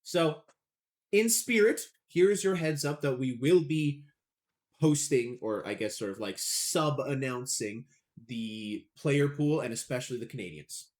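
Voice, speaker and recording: Rambling chattily on a relaxed sports podcast he co-hosts, a young man pokes fun at how he pronounces things. His mid-range, darkish voice is animated, and he talks a little slowly.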